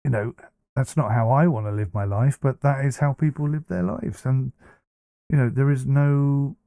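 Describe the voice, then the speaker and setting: A man's voice: medium pitch, moderate pace, mellow, dry recording. A man hosting a reaction commentary, talking bluntly and casually with many fillers and restarts. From United Kingdom. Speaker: commentary host.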